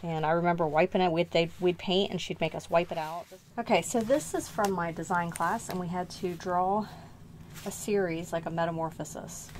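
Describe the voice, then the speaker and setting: A lower-voiced middle-aged woman talks through her old art in a loose, rambling way, stopping to correct herself and sounding a little out of breath. The recording has steady noise in the background. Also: normal speed, poor audio. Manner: rambling, self-correcting, unsure recollections. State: short of breath. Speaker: art channel host. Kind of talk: casual show-and-tell vlog.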